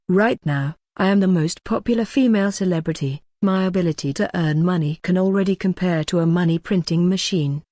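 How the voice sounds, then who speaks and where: A woman's voice: on the low side, a little mellow, no room sound, clean studio sound, lightly acted. A woman reading the lines of a spiteful, boastful young female celebrity in an audio novel. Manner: scornful, boastful.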